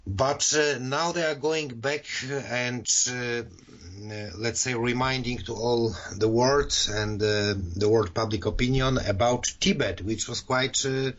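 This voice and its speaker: A man's voice: medium pitch, unhurried, fairly bright tone. A man from Poland co-hosting a podcast in casual political discussion, hesitant and full of fillers and restarts. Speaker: podcast co-host. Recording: dull lo-fi sound.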